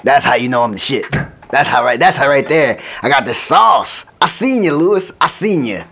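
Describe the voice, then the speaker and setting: A man putting on a swaggering, show-off guy with a gravelly, rough-edged voice who keeps bragging about his coordinated look. He repeats himself and leans hard on streetwise slang. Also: medium pitch, expressive, normal speed, fairly bright tone, voice pushed up. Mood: boastful. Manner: boastful, repetitive, streetwise slang. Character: flashy swaggering male coworker, boastful about his outfit.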